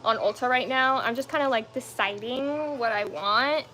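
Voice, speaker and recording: A woman's voice: fairly high pitch, normal speed, pushed and bright. A young woman at home chatting casually with viewers while doing her makeup, rambling with lots of fillers. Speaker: lifestyle livestream host.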